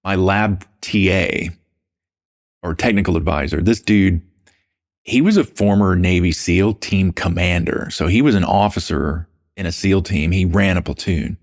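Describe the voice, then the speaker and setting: A man, telling stories as a guest in a casual interview in a relaxed, anecdotal way. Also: low voice, unhurried. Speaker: podcast guest.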